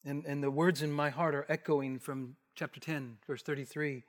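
A man preaching an expository sermon, emphatic and repetitive, dropping to a hush to stress key points. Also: a little high, fairly even intonation, moderate pace, hardly any pauses. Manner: emphatic, repetitive, with hushed drops for weight.

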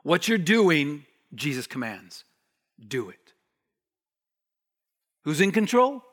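Male pastor delivering a sermon, fairly high voice, drops to near-whispers then builds to raised, urgent emphasis. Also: big pitch swings, a little slow. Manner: preaches with wide swings from hushed near-whisper to raised urgent voice.

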